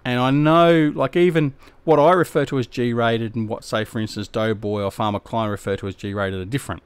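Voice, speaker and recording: A man's voice: mid-range voice, steady tone, brisk, smooth, no echo. A middle-aged Australian man chatting casually on a game live stream, rambling and slangy as he answers his viewers. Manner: laid-back, rambling, slangy.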